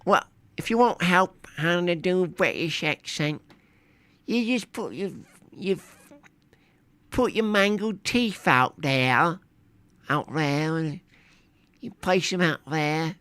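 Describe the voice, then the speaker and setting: A man putting on a deliberately mangled, mocking British accent, playing an exaggerated British bloke during casual livestream chat. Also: sits high, expressive, a bit bright, smooth, no room sound, pitched above the performer's own voice, full character voice.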